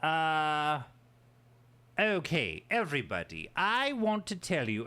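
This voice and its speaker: Goofy, lively man streaming to chat. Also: fairly high pitch. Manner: goofy, playful banter with chat. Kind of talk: casual livestream chat.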